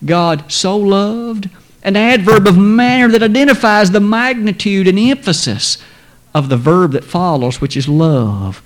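A man preaching a sermon, quoting scripture in old-fashioned wording, swelling loud and high on key words and dropping to a near whisper. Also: expressive, moderate pace. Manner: emphatic, swells high then drops to a hush.

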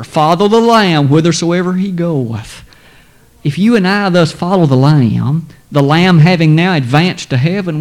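Emphatic preacher man, rising and falling. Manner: emphatic, swells high then drops to a hush; quotes scripture in old-fashioned wording. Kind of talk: sermon.

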